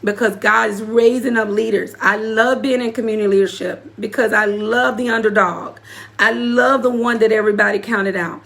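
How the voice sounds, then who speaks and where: Emphatic woman preacher with gravelly edge. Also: medium pitch, steady tone, moderate pace, fairly bright tone. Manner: emphatic, repeats phrases for weight; preacherly, speaks directly to the audience. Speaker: apostle and community leader. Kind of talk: emotional personal testimony to live viewers.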